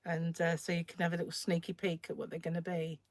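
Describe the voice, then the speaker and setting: A croaky woman chats away on a crochet livestream, her voice a touch low and recorded close and dry on a phone. She rambles easily from one thought to the next, pausing to clear her throat. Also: monotone, no echo. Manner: chatty and rambling, often trails off. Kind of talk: casual livestream chat while crocheting.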